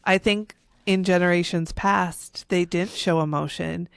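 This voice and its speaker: A woman co-hosting a podcast in casual chat, thoughtful and measured. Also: fairly low pitch, steady tone, creaky, smooth, no echo.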